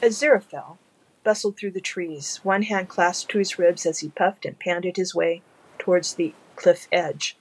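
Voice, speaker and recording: A narrator reading a fan audiobook at a measured, low-key pace. The voice is gravelly with a husky edge. The tone stays calm and even through the telling. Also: poor audio.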